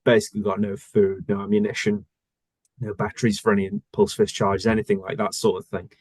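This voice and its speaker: A male voice actor talking casually in an interview, thoughtful and searching for words with many pauses. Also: on the low side, flat delivery, darkish tone, dry recording. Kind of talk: casual conversation.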